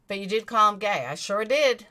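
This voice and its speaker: A woman's voice: medium pitch, expressive, normal speed, pushed and bright. A woman with a New York accent hosting a true crime livestream, reading chat aloud and answering in a blunt, indignant way, swearing freely. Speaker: true crime commentary host.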